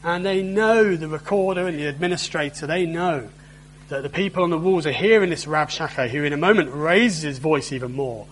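A man preaching a sermon in a chatty, conversational style, often turning to his listeners with tag questions. His voice sits fairly high for a man. A faint hiss runs underneath. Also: a little fast, low-quality recording.

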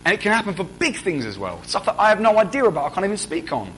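A man's voice: high-pitched, very animated, fast, a bit bright, slight background noise, poor audio. A young man preaching a sermon in a conversational way, often putting questions to the congregation.

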